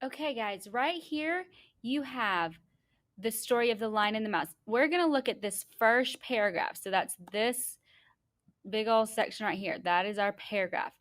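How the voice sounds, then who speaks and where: A young adult woman teaching a class, explaining step by step and reading a story aloud slowly and deliberately in an encouraging way. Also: fairly high pitch, a bit bright.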